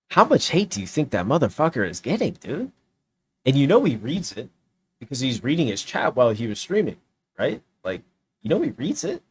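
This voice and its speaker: A man's voice: mid-range voice, slightly rough. A young man streaming, giving a heated, profane reaction rant. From United States. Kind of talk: ranting reaction commentary.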